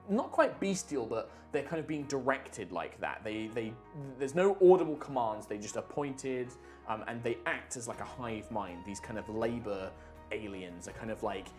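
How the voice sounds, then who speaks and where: Man narrating as game master. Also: medium pitch. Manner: rambling descriptions with many fillers.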